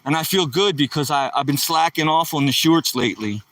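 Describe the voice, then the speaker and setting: A man's voice: a little high, fairly quick, fairly bright tone, no room sound. Hyper east coast streamer guy rambling outside, voice kinda far from the mic. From East Coast of the United States. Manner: hyper, talkative, jokey. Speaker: live streamer. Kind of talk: casual live-stream chat. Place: outdoors, walking around.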